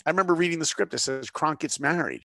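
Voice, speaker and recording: A man's voice: a little high, lively intonation, fast talker, bright, forceful tone. A middle-aged man, a guest on a conversation show, telling a story in an earnest, preacher-like way and asking his listeners rhetorical questions. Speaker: guest, animation director.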